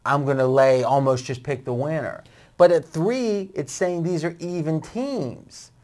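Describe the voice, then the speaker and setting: A man's voice: on the high side, measured pace, dark tone. A man hosting a sports betting show, pushing back on his guest and arguing his point.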